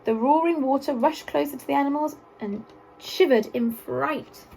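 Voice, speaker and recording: A woman reading a children's story aloud in an expressive, sing-song way. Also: sits high, normal speed, creaky, slight background noise, rough recording.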